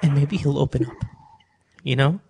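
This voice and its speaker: A gravelly, darkish mid-range voice at a moderate pace belongs to a male podcast host working from a radio studio, with slight background noise. He handles callers' emotional problems earnestly and confessionally, repeating his advice.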